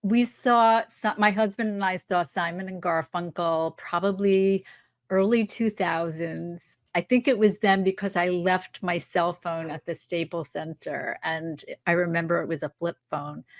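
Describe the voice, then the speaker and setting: A woman in her sixties from New York, a stand-up comic telling dry, absurd stories slowly and softly in a casual podcast chat. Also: lowish voice, fairly even intonation, no room sound. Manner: dry, absurd storyteller, slow and soft delivery. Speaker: stand-up comedian guest.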